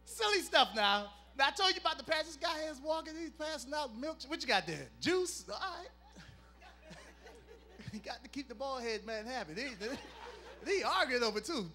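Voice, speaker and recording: A man's voice: extremely high pitch, very animated, moderate pace, sharp tone, soft background music. A man performing clean stand-up comedy, playful and teasing the crowd.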